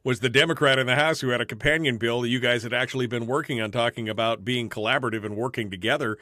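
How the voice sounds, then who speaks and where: A man hosting a radio talk show, backing up his guest with quick agreement. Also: mid-range voice, bright, forceful tone, no echo, clean studio sound.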